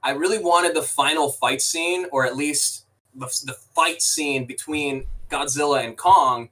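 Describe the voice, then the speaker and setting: A man's voice: on the high side, measured pace, sharp tone, distant mic, rough recording. A man co-hosting a podcast, chatting casually about a film in rambling, restarting sentences with the odd swear. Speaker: podcast co-host. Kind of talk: casual movie review chat.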